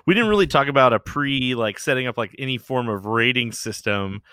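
A man's voice: mid-range voice, normal speed, smooth, no room sound. A man co-hosting a casual movie podcast, mostly giving short agreeing replies and suggesting a rating system. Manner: relaxed listener who chimes in with short replies. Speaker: podcast co-host.

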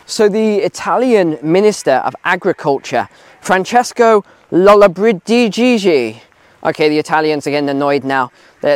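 A man's voice: on the high side, animated, moderate pace, no room sound. A man talking outdoors on a walk, giving emphatic opinions and repeating phrases for stress. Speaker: video commentator. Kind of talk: casual opinion vlog while walking.

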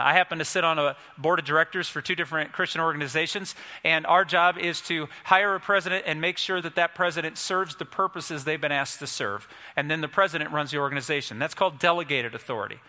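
A man's voice: on the high side, pushed and bright. A man preaching a sermon as a pastor, with folksy, conversational storytelling. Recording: long reverb in a large hall.

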